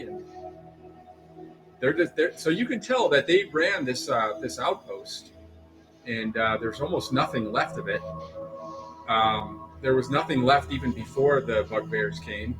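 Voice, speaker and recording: A man's voice: medium pitch, unhurried, poor audio. A man narrating a tabletop game as game master, rambling with many fillers and restarts over background music.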